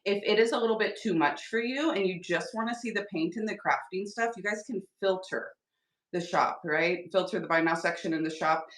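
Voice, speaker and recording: A woman's voice: mid-range voice, a little fast, a bit bright, distant mic. Chatty woman livestreaming from an echoey room. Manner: chatty, upbeat, talks to viewers while working. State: tired. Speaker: live-selling craft host. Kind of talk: casual livestream chat while painting.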